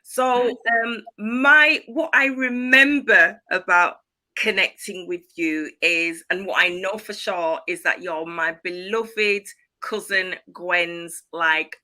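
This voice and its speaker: Bright-voiced woman. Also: fairly low pitch, takes it slowly. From Leeds, West Yorkshire, England. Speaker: guest. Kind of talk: casual interview chat.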